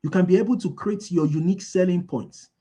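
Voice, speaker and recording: A man's voice: sits high, brisk, dark tone, slightly rough. A man giving a motivational business talk, repeating key lines and asking his listeners to fill in the answers. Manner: asks the audience call-and-response questions. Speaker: business speaker.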